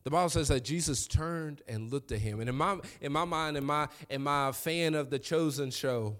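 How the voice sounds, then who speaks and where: A man's voice: on the high side, normal speed, fairly bright tone, clean tone. A young man, preaching a sermon in a conversational, storytelling way with asides to the congregation. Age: young adult.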